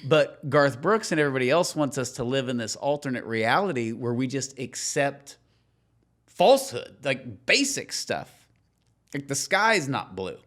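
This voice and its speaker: A man co-hosting a podcast in casual chat, joking and animated, sometimes trailing off. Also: medium pitch, a little slow. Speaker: podcast co-host.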